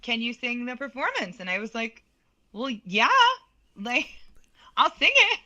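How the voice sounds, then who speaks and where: A woman opera soprano telling a story in an interview, animated and quick to laugh, acting out the voices of the people in it. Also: a little high, lo-fi sound. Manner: animated, laughs often, acts out quoted dialogue.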